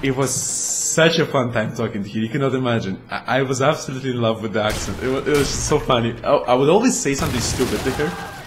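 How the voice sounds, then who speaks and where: A man's voice: medium pitch, fast, over music. A man whose first language is not English, hosting a let's play with rambling, self-mocking, jokey gameplay commentary.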